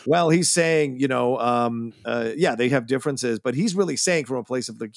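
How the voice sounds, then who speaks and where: A man's voice: mid-range voice, moderate pace, hardly any pauses, no echo, clean studio sound. A man co-hosting a film podcast, talking enthusiastically in a rambling, casual way. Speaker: podcast co-host.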